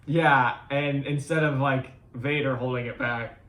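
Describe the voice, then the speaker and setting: A man co-hosting a casual review chat, relaxed and hesitant, with many fillers. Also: mid-range voice, measured pace, reverberant, far from the mic. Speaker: podcast co-host.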